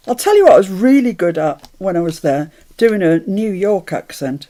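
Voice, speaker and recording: A woman's voice: medium pitch, animated, normal speed, hardly any pauses, mellow. A woman hosting a live crafting stream, chatty and self-mocking, often laughing at herself.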